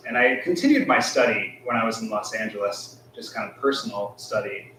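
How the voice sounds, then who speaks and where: A man who teaches school, talking casually at a temple service, halting with many fillers and soft laughs. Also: fairly low pitch, animated, a little hiss or hum. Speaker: guest speaker, schoolteacher. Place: temple hall. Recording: echoey hall, mic from far off.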